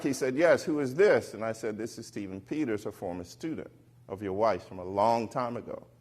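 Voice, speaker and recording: A middle-aged man tells a personal story from a stage, his voice in the middle of the usual male range. His pitch swings widely as he acts out the people he quotes. At times he drops to a whisper. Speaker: keynote speaker. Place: stage before a live audience.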